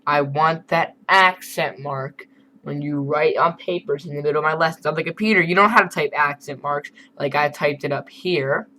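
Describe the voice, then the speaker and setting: A man's voice: on the high side, bright, forceful tone, a little hiss or hum, low-quality recording. A man teaching a beginner Spanish lesson over a screen recording, explaining in a casual, chatty way with asides.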